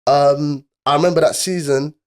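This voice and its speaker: A man's voice: a little high, normal speed, clean tone. A young man, telling stories on a podcast in casual slang and acting out other people's voices. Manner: animated storytelling with slang, acts out voices. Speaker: podcast guest. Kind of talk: casual chat.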